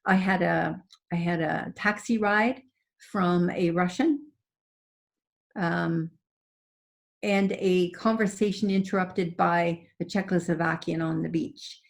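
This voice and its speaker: An older woman, a guest psychic on an interview show, telling personal stories in an expressive way and often laughing. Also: lowish voice, slow pace, vocal fry. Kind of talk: animated storytelling in conversation.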